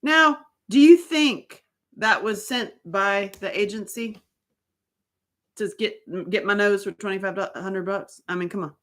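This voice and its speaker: A middle-aged woman telling a story in a casual monologue, animated and blunt, laughing often and swearing freely. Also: medium pitch, measured pace. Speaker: author and host.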